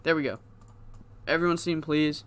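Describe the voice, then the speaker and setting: A man's voice: a little high, fairly even intonation, normal speed, fairly bright tone, clear, resonant tone. A man giving loose, rambling, profane commentary on his game, laughing at himself now and then. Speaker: gaming YouTuber.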